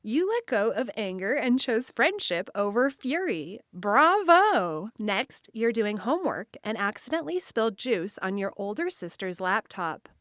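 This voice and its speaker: A woman hosting and narrating an imaginative guided story and quiz for children, speaking in an expressive second-person voice. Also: medium pitch, moderate pace, few pauses, no room sound, clean studio sound. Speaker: children's show host and narrator.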